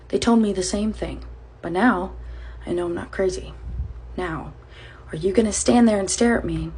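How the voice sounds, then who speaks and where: A woman voicing a stranded young man who speaks in a low, urgent, hushed near-whisper. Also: breathy edge.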